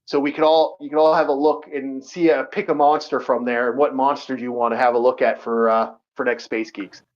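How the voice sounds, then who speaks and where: A man's voice: mid-range voice, flat delivery, a little fast, lo-fi sound. A man hosting a casual group voice call, loose and joking, swearing casually, recorded on a home computer mic. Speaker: host.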